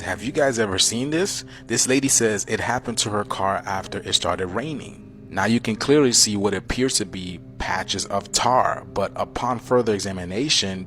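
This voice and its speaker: A man with a lower voice narrates a clip and keeps throwing questions at his viewers. Faint music plays behind him. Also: a bit bright. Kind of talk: social media commentary.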